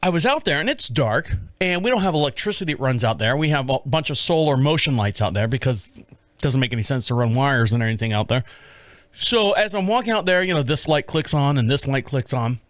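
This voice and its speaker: Speaking briskly with no echo, a profane, animated man in his fifties rambles through a story from his rural life on his own podcast. He reenacts his own shouting in a loud, high voice.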